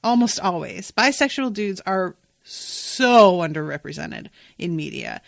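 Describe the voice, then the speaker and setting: A woman's voice: on the low side, animated, measured pace, vocal fry, no room sound, studio quality. A woman hosting a podcast, recapping an episode in casual, enthusiastic, emphatic chat with some swearing. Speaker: podcast host.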